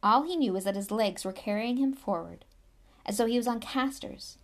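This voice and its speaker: A woman's voice: a little high, normal speed. A woman reading a novel aloud expressively. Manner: lively, expressive storytelling. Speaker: reader.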